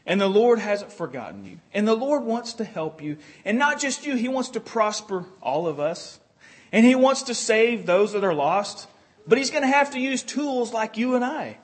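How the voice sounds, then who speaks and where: A man with a notably high-pitched voice preaches an earnest sermon. He circles back on his phrases and slips into the words of those he quotes. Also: sing-song, normal speed. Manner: earnest, repetitive restarts, quotes prayers in character.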